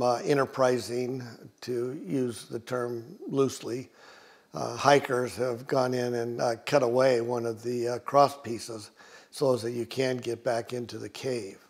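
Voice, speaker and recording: A man hosting a hike outdoors on a mountain trail, talking casually with many pauses as he shows the way. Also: medium pitch, gravelly, a little mellow. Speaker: hiking guide host. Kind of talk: casual walking tour narration.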